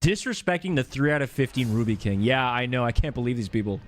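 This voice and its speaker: A man's voice: medium pitch, expressive, fast talker, faint music behind. A man streaming a video game live, chatting playfully and joking with his viewers. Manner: playful, joking, reacts to chat. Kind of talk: casual live gameplay commentary.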